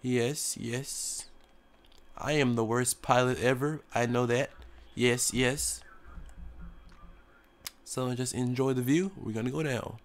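A man's voice: medium pitch, steady tone, slow pace, long pauses. A young man, sick with a cough, giving casual joking commentary while playing a flight game as a mock tour pilot. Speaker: gaming YouTuber.

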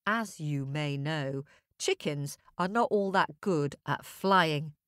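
A woman's voice: low-pitched, slow pace, no echo, studio quality. A woman telling a children's fable, playful and talking directly to the young listeners. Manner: lively, playful, talks to listeners. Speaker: storyteller. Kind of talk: children's story narration.

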